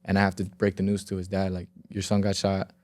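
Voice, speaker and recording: Low, mellow-voiced young man telling a story. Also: monotone, fast talker, no room sound. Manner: rambling, heavy filler words and reenacted quotes; swears freely. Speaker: podcast guest. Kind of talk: casual storytelling. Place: podcast studio.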